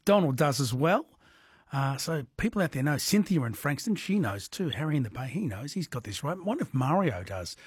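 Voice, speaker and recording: A man's voice: fairly high pitch, sing-song, fairly quick, breathy edge, no room sound, clean studio sound. A man hosting an overnight radio quiz in a chatty way, laughing often with callers. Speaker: radio host.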